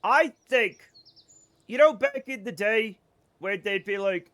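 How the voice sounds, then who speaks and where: Bright-voiced joking male game streamer. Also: high-pitched, takes it slowly, no room sound. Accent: faded Boston. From Boston area. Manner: joking, profane, laughs often. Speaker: live streamer. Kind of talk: casual gameplay commentary.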